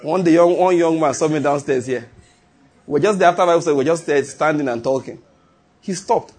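A man's voice: fairly high pitch, brisk, a little mellow, slight background noise. A middle-aged man preaching a sermon as a pastor, emphatic and repetitive, breaking into chuckles.

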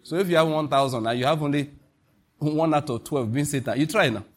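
A Nigerian man in the pulpit, preaching with emphatic energy. His voice sits a little high for a man and carries a husky edge. He jumps sharply upward in pitch when he drives a point home. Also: fairly quick. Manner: animated, emphatic preaching with sudden high emphatic rises. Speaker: pastor. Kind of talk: sermon.

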